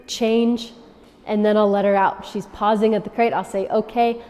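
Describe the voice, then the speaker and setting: A woman dog trainer giving instructions to dog owners, often checking in with a quick "okay?". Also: mid-range voice, level tone, darkish tone. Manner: coaching, checks in with frequent "okay?". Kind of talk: instructional demonstration. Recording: long reverb.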